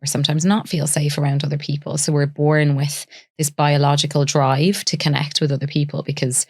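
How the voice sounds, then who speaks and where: A woman psychologist, a guest on an interview show, explaining ideas carefully with examples. When she acts out talking to a small child, her voice goes soft and sing-song. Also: low voice, flat delivery, brisk, no room sound, studio quality.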